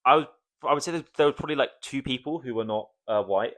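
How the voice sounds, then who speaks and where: A man's voice: mid-range voice, fast talker, fairly bright tone. A young man hosting a casual podcast, speaking hesitantly with lots of "uh" and "um" and frequent laughter. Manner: hesitant, filler-heavy, laughs often. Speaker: podcast host.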